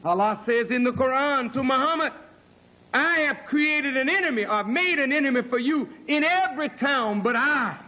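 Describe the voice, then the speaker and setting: A man's voice: very high-pitched, lively intonation, moderate pace, pushed and bright, lo-fi sound. A man in his fifties preaching a sermon in a church hall, dramatic, with mocking sing-song asides. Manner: dramatic preaching, mock-crooning quoted lovers. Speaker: minister.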